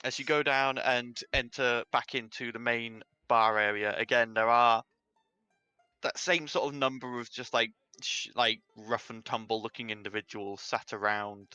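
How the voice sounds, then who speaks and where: A man's voice: mid-range voice, fairly even intonation, moderate pace, pushed and bright, clear, resonant tone, no room sound, soft background music. A man running a tabletop game as game master, describing scenes in a rambling way full of "sort of" and "um".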